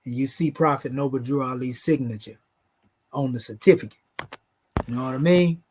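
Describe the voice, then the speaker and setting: A man's voice: medium pitch, normal speed, a little mellow, slightly rough. A man with a Southern US accent hosting a late-night livestream, reciting spiritual invocations in a preachy way and calling his listeners "family". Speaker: channel host.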